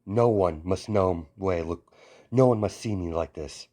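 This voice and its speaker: A man's voice: low voice, normal speed, mellow. A man voicing a sullen, proud young woman hero who grumbles defensively, in an amateur told story. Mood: stubborn.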